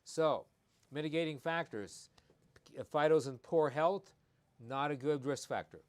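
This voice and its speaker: A man's voice: a little high, measured pace. A man who is a veterinarian, hosting a live-streamed pet health talk in a folksy, conversational way and repeating his key points. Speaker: veterinarian host.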